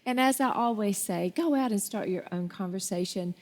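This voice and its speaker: A woman's voice: medium pitch, moderate pace, darkish tone. A woman hosting a Christian talk show, speaking with effusive, faith-filled encouragement.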